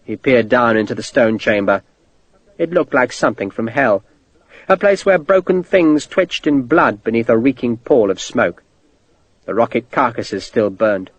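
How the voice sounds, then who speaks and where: A male audiobook narrator telling the story in a steady, vivid way. His voice is slightly husky, with lively shifts in pitch, and the recording sounds dry and close. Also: dry recording, low-quality recording. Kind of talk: scripted narration.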